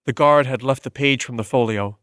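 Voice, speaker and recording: A man narrating an audiobook in a measured, even storytelling manner. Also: medium pitch, clean tone, no room sound, clean studio sound. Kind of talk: scripted narration.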